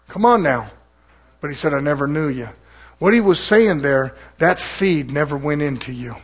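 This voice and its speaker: A middle-aged man delivers a sermon with fiery, mocking energy, calling out to his congregation. His voice is a bit bright and sits high for a man.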